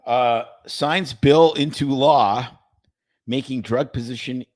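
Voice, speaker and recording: A man's voice: mid-range voice, takes it slowly. A man co-hosting a casual livestream over drinks, joking and playful, sometimes fumbling his words. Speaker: livestream co-host.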